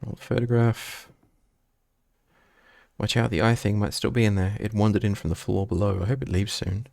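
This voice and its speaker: A man's voice: fairly low pitch, fairly even intonation, normal speed, vocal fry, a little mellow, no echo. A man streaming a video game and chatting casually with playful, joking asides. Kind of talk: casual gameplay commentary.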